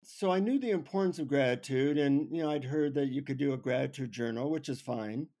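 A man on an interview show telling a funny personal story with lively, self-mocking humor. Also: mid-range voice, a little fast. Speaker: guest. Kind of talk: anecdotal storytelling.

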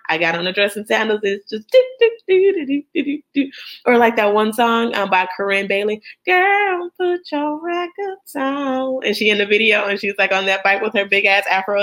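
A woman in her thirties hosting a podcast, telling a story in a casual chat with lots of laughter and bits of sung lyrics. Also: mid-range voice. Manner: animated storyteller, laughing and breaking into song. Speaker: podcast host.

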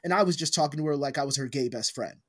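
A man's voice: on the high side, rapid-fire. A man co-hosting a podcast, telling a long rambling story in casual chat, swearing freely. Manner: rambling storyteller, swears a lot, acts out quotes loudly. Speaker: podcast co-host.

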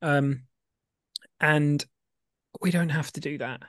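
A man's voice: a little high, slow pace, no echo. Man, podcast co-host, rambling, jokey, dry close recording. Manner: relaxed, joking, rambling. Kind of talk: casual podcast chat.

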